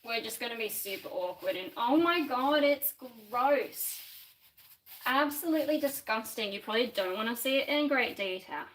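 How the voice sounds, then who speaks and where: A woman's voice: fairly high pitch, lively intonation, normal speed, poor audio. An Australian woman in her twenties or thirties chatting casually on a live stream at home while she cleans, rambling and poking fun at herself. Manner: rambling, self-deprecating, swears and laughs mid-sentence. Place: home room with shelves, indoors.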